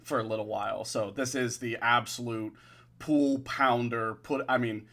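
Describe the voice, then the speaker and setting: A man's voice: mid-range voice, fairly even intonation, normal speed, a bit bright. Easygoing male bartender guest. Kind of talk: casual chat.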